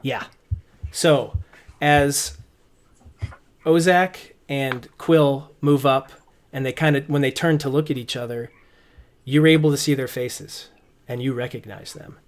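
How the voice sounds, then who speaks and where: A man narrating as game master, relaxed and rambling with many restarts. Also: mid-range voice, slow, pauses often.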